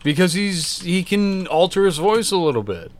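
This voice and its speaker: Teasing young man with a lively voice. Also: sits high, moderate pace. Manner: teasing, banters and hums tunes. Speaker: podcast co-host. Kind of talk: casual chat.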